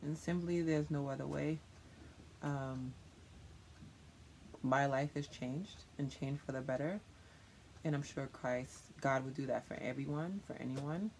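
A youth leader answers questions in an earnest, reflective way, stopping often to find words. The voice sits at a middle pitch. A faint hum of room noise runs underneath. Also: measured pace, vocal fry, pauses often, darkish tone. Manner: earnest, reflective, with many fillers.

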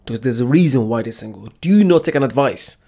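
A man's voice: mid-range voice, animated, fast talker, gravelly, mellow. A man giving casual, emphatic reaction commentary and repeating his points. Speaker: YouTube reaction host.

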